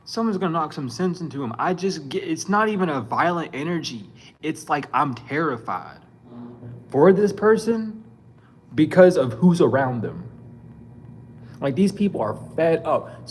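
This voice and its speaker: With slight background noise behind him, a fairly high-voiced male spiritual reader gives a casual reading to camera. He scolds bluntly and with animation, uses profane street slang, and laughs quickly.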